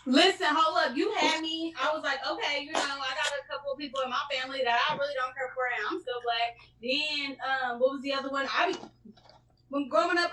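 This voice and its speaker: A woman's voice: high voice, brisk, pushed and bright, distant mic, slight background noise. A woman co-hosting a casual podcast, blunt and sassy in her opinions. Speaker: podcast co-host. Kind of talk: casual chat. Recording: echoey room, off-mic.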